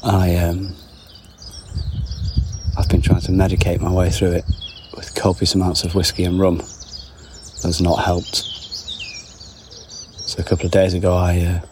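A man with a very low, deep voice rambles casually through his podcast while nursing a cold. He talks into a phone in a greenhouse, tossing in wry asides, with faint birdsong and outdoor noise behind him. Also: monotone. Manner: chatty, wry asides, reads labels aloud haltingly. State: under the weather with a cold. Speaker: podcast host. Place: garden greenhouse.

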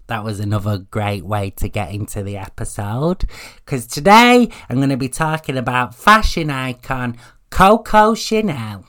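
A man's voice: mid-range voice, moderate pace, a bit bright. Chatty, sweary man. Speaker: podcast host. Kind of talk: casual solo podcast chat.

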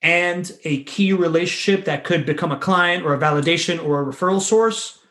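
A man in casual conversation who talks quickly and rambles through restarts, dropping the occasional swear word. His voice sits a little higher than most men's. He speaks as a business consultant. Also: fairly bright tone.

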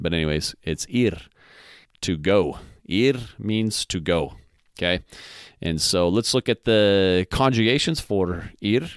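A man hosting a podcast lesson in a casual way, slowly repeating each phrase so learners can follow. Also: sits low, clear, resonant tone, no room sound, clean studio sound. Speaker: podcast host and Spanish teacher. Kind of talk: casual spoken language lesson.

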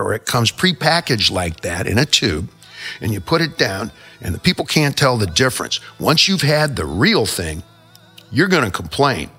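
A man's voice: medium pitch, pushed and bright, breathy edge. A male show host telling rambling comic stories in a brash, profane way. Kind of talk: comic storytelling monologue.

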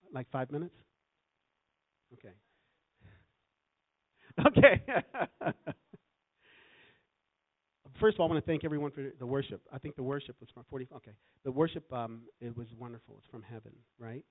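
Preaching fast at medium pitch, a visiting man delivers an animated church sermon that invites the congregation to answer back. Audio quality is tinny, as if over a phone.

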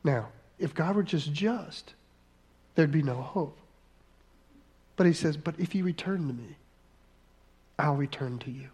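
A man preaching a sermon as pastor, earnest, slowing down for emphasis and acting out quoted voices. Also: a little high, animated, mellow, slightly rough.

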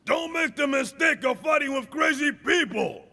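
A male preacher from the Dominican Republic giving an animated sermon, acting out scenes and shouting at the peaks. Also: very high voice, moderate pace, long reverb tail, some chatter behind.

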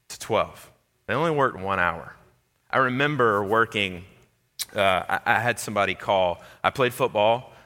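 A pastor preaching in a casual, animated way, with "like" scattered through his talk. His voice is fairly low and bright with a forceful edge, and a long hall reverb trails behind him. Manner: animated, conversational, lots of "like" fillers. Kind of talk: sermon.

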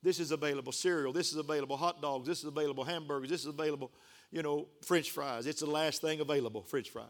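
An older male pastor preaching a sermon, emotional and building to excited outbursts. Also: fairly high pitch, quick pace.

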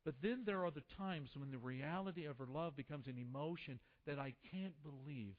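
A man in his fifties preaching a sermon, impassioned, swinging from loud peaks down to a hush. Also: a little high, brisk, narrow, tinny audio. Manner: impassioned, rising then dropping to a hush. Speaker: pastor.

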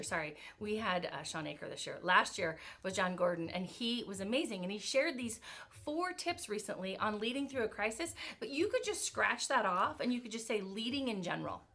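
A woman giving an energetic motivational talk on leadership, firing off rhetorical questions. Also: medium pitch. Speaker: motivational speaker. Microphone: virtual event talk.

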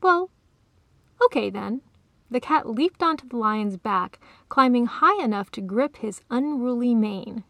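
A woman author reads her own story in a calm, even narrating voice. Her tone is a little high, with noticeable vocal fry, recorded close and dry. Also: a little slow, hardly any pauses, no room sound.

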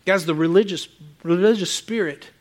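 High-voiced animated male preacher. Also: normal speed. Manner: animated, rambling, repeats words, swings from loud to quiet. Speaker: pastor. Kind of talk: sermon.

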